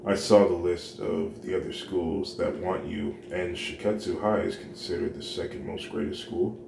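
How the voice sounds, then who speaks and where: A man reading the lines of a gentle, caring mother, speaking softly and reassuringly in his own voice. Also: sits low, fairly even intonation, moderate pace, creaky, distant mic. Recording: roomy home recording with noise.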